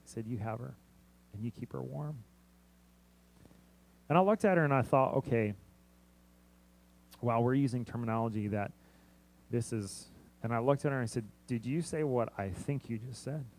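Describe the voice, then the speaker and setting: Young male missionary preacher telling a story from the pulpit; moves between near-whisper and loud emphasis. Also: medium pitch, normal speed, pauses often, poor audio. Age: young adult. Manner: storytelling, acts out quoted dialogue, swings from hushed to loud. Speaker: missionary pastor. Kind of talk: sermon.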